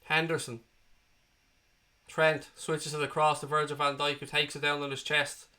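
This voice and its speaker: High bright-voiced guy doing a live match watchalong, gets loud and sweary, yells at the players on his desk mic. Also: moderate pace. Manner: excitable, swears, cheers at the screen. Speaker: watchalong host. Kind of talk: live match commentary and chat. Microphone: desk microphone.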